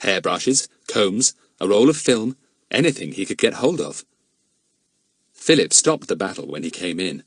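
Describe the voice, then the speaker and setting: Male audiobook narrator, husky, very animated delivery, dry sound. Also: low-pitched, unhurried, no echo. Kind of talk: scripted narration.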